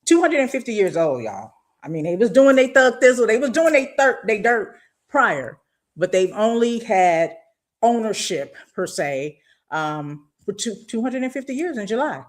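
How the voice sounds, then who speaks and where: A woman's voice: a little high, big pitch swings, normal speed. Impassioned woman hosting a live podcast. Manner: impassioned, talks straight to listeners, slangy. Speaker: podcast host. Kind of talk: casual live-stream monologue.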